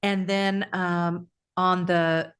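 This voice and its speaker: A woman's voice: fairly low pitch, little pitch movement, extremely slow, fairly bright tone, clean tone. A woman co-hosting a casual spiritual podcast, talking in a reflective, storytelling way with frequent restarts. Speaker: podcast co-host.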